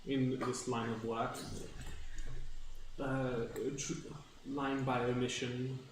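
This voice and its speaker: A man narrating as game master in a tabletop game, pausing to think as he describes things. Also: medium pitch, flat delivery. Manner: hesitant, thinking aloud with fillers. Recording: echoey noisy room, distant mic.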